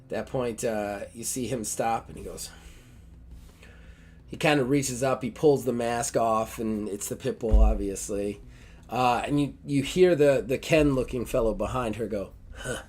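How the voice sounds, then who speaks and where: A man's voice: medium pitch, a little slow, a little mellow, soft background music. A man game master narrating a tabletop game in a rambling, filler-heavy way.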